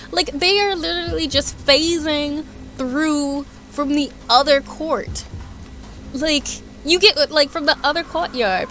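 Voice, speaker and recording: A woman's voice: high voice, a little hiss or hum. A woman streamer giving casual live commentary over a game, exasperated and talking back at the enemies on screen. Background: loud game music.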